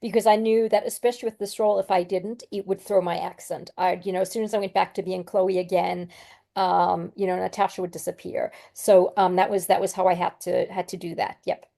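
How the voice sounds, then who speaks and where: A woman from Australia, a guest actress chatting in an interview and telling stories with animated energy. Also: on the low side, a little fast, vocal fry. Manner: animated storyteller. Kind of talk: casual interview chat.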